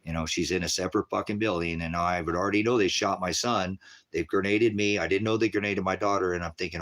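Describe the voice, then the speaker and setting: A man's voice: low-pitched, fairly even intonation, fast talker, fairly bright tone. A middle-aged man, a veteran, commenting on his own livestream footage in a rambling, profane and intense way. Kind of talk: emotional video commentary.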